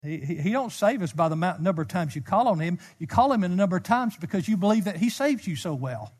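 A man preaching a sermon as a pastor, speaking with passion and sometimes rising to near-shouts. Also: high-pitched, expressive, fast talker, breathy edge. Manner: impassioned, rises to near-shouts. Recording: long hall reverb.

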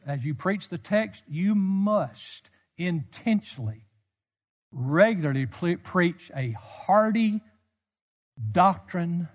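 A man preaching a sermon as a pastor, speaking with passion and sometimes rising to near-shouts. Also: high-pitched. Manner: impassioned, rises to near-shouts. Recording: long hall reverb.

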